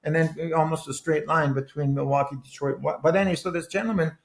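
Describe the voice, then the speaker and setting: An earnest man in his eighties from Wisconsin, an author and former politician, guests on a podcast and rambles through anecdotes, often restarting sentences. His voice is a little high and gravelly, steady in tone, and he talks fast.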